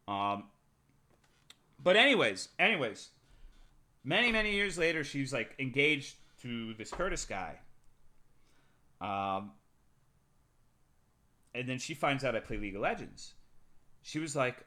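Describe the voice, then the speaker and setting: Bright-voiced man ranting a profane story. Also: medium pitch, very animated, moderate pace. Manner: profane, rambling anecdote with big swings in loudness. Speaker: streamer. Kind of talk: casual storytelling to a live chat.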